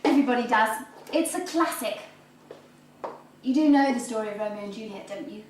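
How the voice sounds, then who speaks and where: An actress gives a breezy teacher with a fairly high voice, coy and pleased with herself. The room echoes, with noise behind. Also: female voice, fairly quick, far from the mic, close to an everyday voice. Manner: breezy, self-satisfied, coy.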